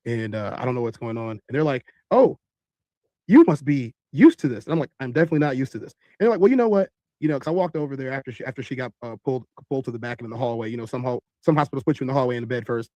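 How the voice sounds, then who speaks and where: A man telling a long story in animated style, acting out other people's voices. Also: medium pitch, very fast, no room sound, muffled recording. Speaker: podcast host telling a story.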